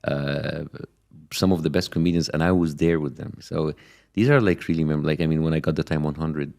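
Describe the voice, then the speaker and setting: A man's voice: a bass voice, fairly even intonation, brisk, gravelly. A middle-aged man, a comedian guest talking emphatically in an interview. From Egypt. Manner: emphatic, forceful in argument. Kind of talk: interview and debate.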